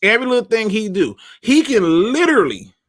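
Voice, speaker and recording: A man hosting a live sports talk stream, chatting casually with slang and repeated starts, giving shout-outs and opinions. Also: high-pitched, big pitch swings, fairly quick. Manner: conversational, repeats himself, uses slang. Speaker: podcast host.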